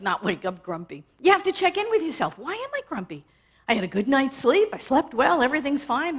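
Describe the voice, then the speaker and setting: Middle-aged woman minister from New York, fairly high voice, chatty sermon with lots of "right?" to the audience. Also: husky. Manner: conversational, animated, keeps asking the audience "right?".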